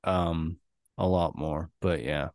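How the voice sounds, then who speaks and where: A young man hosts a casual podcast in a low, smooth, clear voice. He rambles through stories with plenty of fillers and laughter. The sound is dry and close. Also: steady tone, slow, darkish tone, dry recording. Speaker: podcast host. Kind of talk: casual chat.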